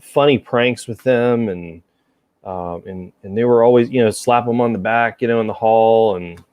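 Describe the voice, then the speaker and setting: A man's voice: fairly low pitch, a little mellow, no echo, highs cut off. A man hosting a casual chat show, rambling and self-deprecating, with a faint Southern American accent. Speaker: podcast host.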